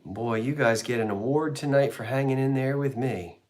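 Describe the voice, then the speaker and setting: A man's voice: mid-range voice, moderate pace, a little mellow. A man selling antiques in a live online auction, describing each item in a chatty, rambling way with homey jokes and asides. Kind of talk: casual live sale presentation.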